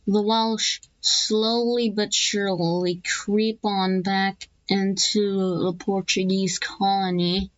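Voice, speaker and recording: Woman, casual map narrator, unhurried and rambling, dry dull home recording. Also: medium pitch, dry recording. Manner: rambling, self-correcting, slips into playful voiced asides.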